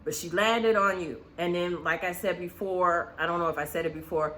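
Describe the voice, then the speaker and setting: Woman, reality TV recap host, blunt, swears freely, bright tone. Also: lowish voice, fairly even intonation, normal speed, a little hiss or hum. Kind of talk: casual reality TV recap commentary.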